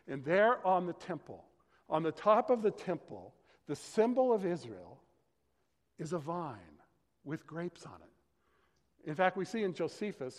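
Guy pastor doing a casual teaching sermon, keeps saying okay and right, long reverb like a big church. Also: fairly high pitch. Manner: conversational, explanatory, frequent "okay" and "right".

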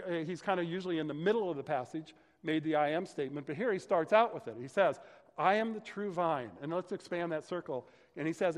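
A male pastor teaching a sermon from scripture in a conversational, explanatory way, often checking in with "okay" and "right". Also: on the high side. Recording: long hall reverb.

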